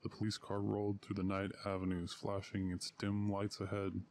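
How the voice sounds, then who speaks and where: A man narrating short stories in a measured, unhurried reading. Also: fairly low pitch, monotone, darkish tone. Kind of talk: audiobook story reading.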